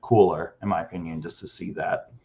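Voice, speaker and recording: A man co-hosting a podcast and interviewing a guest, thoughtful and heavy on fillers. His voice is deep. The sound is muffled and lo-fi. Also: steady tone, a little fast, mellow. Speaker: podcast co-host. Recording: dull lo-fi sound.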